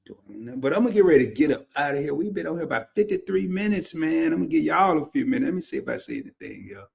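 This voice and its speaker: A man's voice: fairly high pitch, wildly swooping pitch, racing, creaky. A man from Arkansas with a Southern accent, hosting a livestream and telling stories in a laid-back, drawling way. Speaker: livestream host. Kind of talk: casual storytelling monologue.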